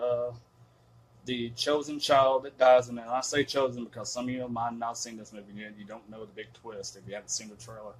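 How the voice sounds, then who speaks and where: A man's voice: medium pitch, poor audio. A man giving a casual spoken film review, cursing often and rambling emphatically with many fillers. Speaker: movie reviewer.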